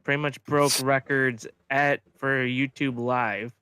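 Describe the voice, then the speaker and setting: A man's voice: mid-range voice, steady tone, slow pace, sharp tone, smooth, no room sound. A young man co-hosting a wrestling podcast in casual chat, swearing freely and laughing between remarks. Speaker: podcast co-host.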